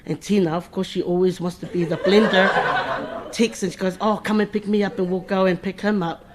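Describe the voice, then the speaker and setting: A woman's voice: medium pitch, steady tone, fairly quick, heavy background noise. A middle-aged woman speaking at her brother's funeral, emotional and informal, often restarting her words and laughing between tears. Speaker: eulogy speaker, sister of the deceased. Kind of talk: funeral eulogy.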